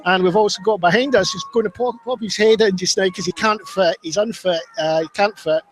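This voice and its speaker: A man's voice: sits high, a little fast, a little hiss or hum, low-quality recording. A Scottish man presenting a pre-match football show at a stadium, chatty and jokey, sometimes tripping over his words. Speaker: club media presenter.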